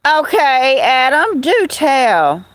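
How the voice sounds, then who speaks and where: A middle-aged woman talks in an unhurried drawl with a fairly high voice. She hosts a casual livestream from her home in the woods and greets her viewers one by one. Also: big pitch swings, dry recording. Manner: chatty, drawling, answers chat by name. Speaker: livestream host.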